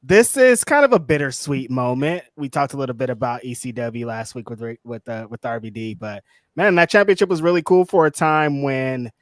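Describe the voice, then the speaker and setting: A man co-hosting a casual chat show, relaxed and rambling, with easy laughs. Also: mid-range voice, fairly quick, dry recording, studio quality. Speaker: podcast co-host.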